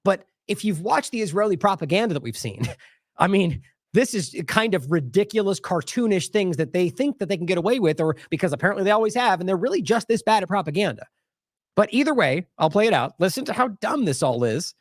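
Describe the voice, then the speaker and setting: A man hosts a commentary show in a raised, lively voice, picking apart clips with skeptical asides and frequent restarts. His delivery swings up and down as he mocks what he quotes. The sound is dry and close. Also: high voice, brisk, no room sound. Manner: animated, skeptical, many restarts and mocking quotes. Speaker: host of an independent news commentary show. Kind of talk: casual commentary on video clips.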